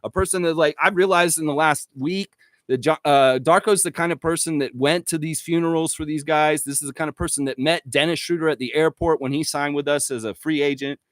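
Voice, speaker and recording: A man's voice: a little high, a little fast, dry recording, clean studio sound. A man hosting a live stream, ranting with lots of swearing and reading viewer comments aloud. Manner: profane, excitable, reads chat aloud. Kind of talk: casual live-stream rant.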